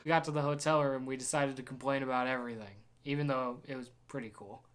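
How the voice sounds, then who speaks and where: A man's voice: mid-range voice, steady tone, fast, fairly bright tone, a little hiss or hum. A young man narrating a casual travel vlog from a hotel room, telling rambling, jokey stories. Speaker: vlogger.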